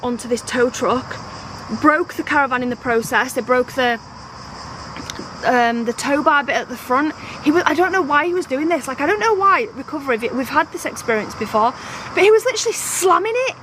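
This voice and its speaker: A woman's voice: high voice, fairly quick, low-quality recording. A woman vlogging outdoors at a campsite, telling an exasperated story and acting out what people said. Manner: animated, exasperated, acts out quoted dialogue. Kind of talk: casual vlog storytelling. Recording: outdoor phone video with traffic noise. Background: passing cars and outdoor ambience.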